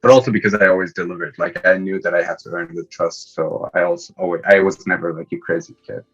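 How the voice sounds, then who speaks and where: A young man from Iran, a podcast guest, telling stories from his life in a relaxed way and laughing often. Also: deep voice, fast, husky, dull audio. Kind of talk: casual interview chat.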